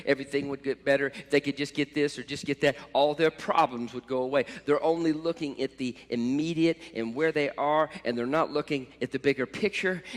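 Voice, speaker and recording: A man preaching a sermon as pastor, impassioned, swelling to loud cries at times. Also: mid-range voice. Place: church sanctuary. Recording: church hall reverb.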